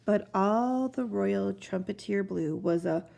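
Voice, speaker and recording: A woman's voice: medium pitch, slow pace, creaky, a little hiss or hum. A woman expressively reading a children's storybook aloud. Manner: expressive, animated narration.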